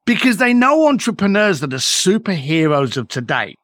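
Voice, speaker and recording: A man's voice: high voice, sing-song, fairly quick, few pauses, fairly bright tone, dry recording. A middle-aged man, a podcast guest telling motivational stories in an emphatic way and swearing freely. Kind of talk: motivational storytelling.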